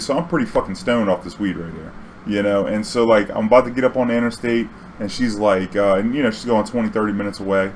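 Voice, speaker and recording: A man's voice: medium pitch, slight background noise, poor audio. Laid-back profane New man. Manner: loose, profane, filler-heavy with many "you know"s. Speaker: vlogger. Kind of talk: casual storytime monologue.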